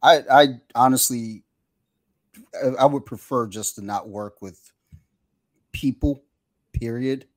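A man's voice: mid-range voice, slow pace, long pauses, no echo. A man in casual conversation, telling a rambling, profane story and acting out the people on the phone. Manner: rambling storyteller, swears, acts out phone callers. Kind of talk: casual chat.

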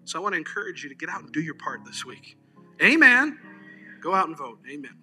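A man's voice: on the high side, rapid-fire, soft background music. A male pastor preaching a conversational sermon, telling stories and often saying "amen.". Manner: conversational, animated storyteller, frequent "amen". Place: church service.

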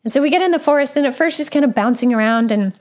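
A woman, a parent, talking casually and gently about raising children, with frequent conversational fillers. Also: sits high, racing. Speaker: parent sharing advice. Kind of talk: casual advice talk.

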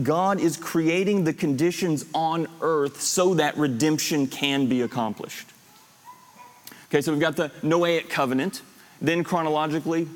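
A man with a fairly high voice teaches a Bible class, laying out his points step by step and circling back to recap them. He pauses to put questions to the students in the room. His voice rings with the long reverb of a hall. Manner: explanatory, recaps lists and repeats points.

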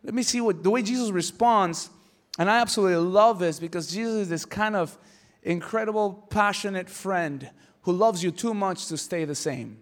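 A male pastor preaches in a casual, conversational way, full of humorous asides, and acts out dialogue as he goes. His voice sits high for a man. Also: moderate pace. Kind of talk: conversational sermon.

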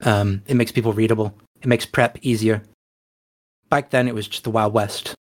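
A man's voice: on the low side, fairly even intonation, normal speed. A man from England, an esports coach, answering interview questions in a frank, reflective, casual way.

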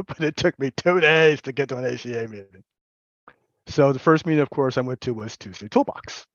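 A man's voice: medium pitch, no echo, highs cut off. Candid man sharing his recovery story. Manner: candid, halting, with repeated words and laughter. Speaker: recovery meeting speaker. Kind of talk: personal recovery share.

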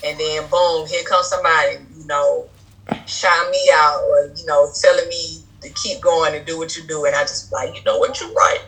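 A woman's voice: low voice, steady tone, moderate pace, fairly bright tone, poor audio. A woman guest on a podcast talking about her clothing brand in a casual, chatty way, with many fillers and laughs.

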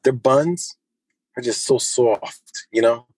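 Laid-back, swearing co-host on a phone. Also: male voice, medium pitch, slow, darkish tone, breathy edge, no room sound, low-quality recording. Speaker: podcast co-host. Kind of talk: casual podcast chat.

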